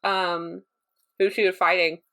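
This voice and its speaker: A woman's voice: fairly low pitch, flat delivery, a little slow, pushed and bright. A woman playing a tabletop game who sounds comically anxious and pleading. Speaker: player. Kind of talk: casual tabletop play.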